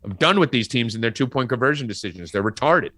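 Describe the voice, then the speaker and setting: A man's voice: mid-range voice, fast, no room sound. A man hosting a sports betting podcast, ranting and swearing about football decisions. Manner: profane, ranting, animated. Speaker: podcast host.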